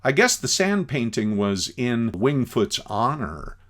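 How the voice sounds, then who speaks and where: A man teaching a class, talking through scenes of a film in an animated, conversational way. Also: mid-range voice, slow. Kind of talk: class lecture commenting on a film.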